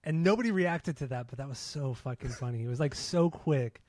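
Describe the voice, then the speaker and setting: A man's voice: mid-range voice, fairly quick, darkish tone, no echo, clean studio sound. A man co-hosting a podcast, telling stories in loose, profane casual chat and laughing often. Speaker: podcast co-host.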